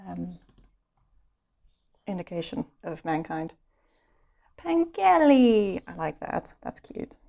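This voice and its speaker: An Irish woman streams herself drawing at home, chatting casually, giggling and talking to herself while she sketches. Her low voice is gravelly, husky and mellow, level in tone, slow, and full of pauses, heard through dull lo-fi audio.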